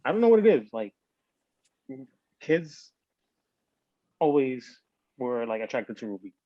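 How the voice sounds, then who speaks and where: A man rambling through a casual podcast chat, tipsy and slurring now and then, with a bit of Spanish mixed in. His voice sits at an ordinary pitch. The recording is dry and dull, like a lo-fi mic. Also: big pitch swings, a little slow, dry recording. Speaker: podcast host. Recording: dull lo-fi sound.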